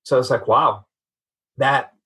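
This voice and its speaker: A man's voice: mid-range voice, slow, fairly bright tone, breathy edge, rough recording. A man giving an earnest, reflective personal testimony as a guest in a conversation. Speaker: podcast guest.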